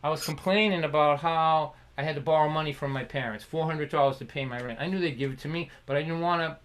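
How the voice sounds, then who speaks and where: A man with a somewhat high voice tells a personal story on a concert livestream. He laughs between lines, restarts phrases, and slips into the voices of remembered talk. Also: quick pace, a bit bright, rough recording. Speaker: folk singer and storyteller hosting a livestream concert. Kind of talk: storytelling monologue. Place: home livestream.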